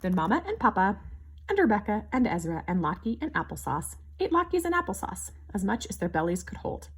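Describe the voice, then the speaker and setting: A woman reading a children's picture book aloud in an expressive, sing-song way. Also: mid-range voice, fairly quick, slightly rough. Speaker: children's story reader. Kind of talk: storybook read-aloud.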